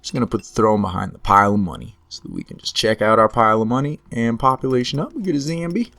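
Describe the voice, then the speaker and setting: A man commentating his own strategy game play in a relaxed way, talking through each move while he is losing his voice. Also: medium pitch, creaky, no echo. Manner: unhurried, talks through each move to himself. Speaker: gameplay commentator.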